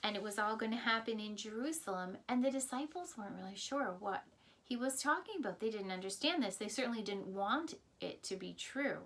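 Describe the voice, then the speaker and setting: A woman's voice: mid-range voice, lively intonation, fairly quick, fairly bright tone. Woman telling a Bible lesson. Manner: explains simply, often addressing listeners with reminders. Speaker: Sunday school teacher.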